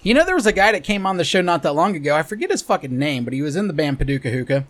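A man's voice: on the high side, big pitch swings, racing, over a noisy crowd. A man hosting a casual podcast, rambling and joking with frequent laughs. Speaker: podcast host.

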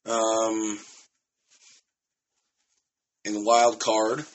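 A man in his thirties hosts a solo podcast in a lowish, monotone voice, speaking extremely slowly. He rambles loosely, swears now and then and keeps restarting his thoughts.

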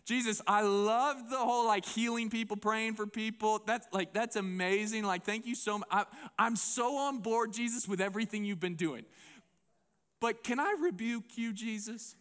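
A man voicing an exasperated male disciple who protests to his teacher with rapid, indignant complaints. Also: sits high, fairly even intonation, a bit bright, smooth. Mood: pleading.

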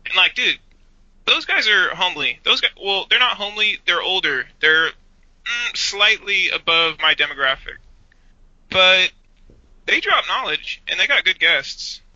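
A man co-hosts a casual podcast with a very bright, sharp voice that sits a little high. He rambles and restarts his sentences often. The recording is dry and dull. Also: lively intonation, unhurried, no echo. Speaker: podcast co-host.

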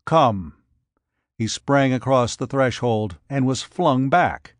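A man narrating an adventure story in a measured, even reading. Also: medium pitch, no echo. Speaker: audiobook narrator.

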